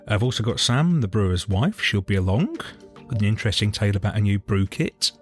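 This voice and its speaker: A man's voice: lowish voice, lively intonation, fairly quick, soft background music. A man co-hosting a casual podcast, upbeat and enthusiastic as he runs through the show. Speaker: podcast co-host.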